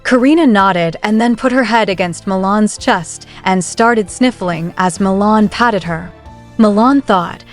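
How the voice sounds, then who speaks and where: Female recap narrator, scripted storytelling, steady delivery over soft music. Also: medium pitch, moderate pace. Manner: steady, even reading of every part.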